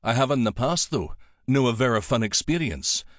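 A man's voice: mid-range voice, lively intonation, normal speed, no echo, clean studio sound, natural voice. A man narrating an audiobook voices a jovial, teasing male dragon king with a thick Scottish accent. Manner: teasing, warm-humored.

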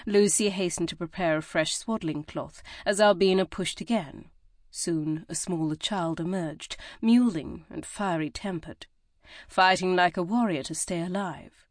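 A woman reading a historical novel as audiobook narrator in a measured, even way. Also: lowish voice, dry recording, studio quality. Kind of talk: scripted narration.

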